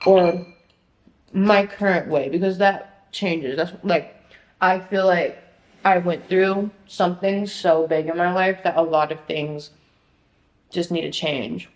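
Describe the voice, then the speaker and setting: Taking it slowly in a low voice with fairly even intonation, a young woman in her twenties vlogs casually from her apartment. She rambles in a scattered, frantic way, cursing and leaning on "like," in an echoey room with faint noise.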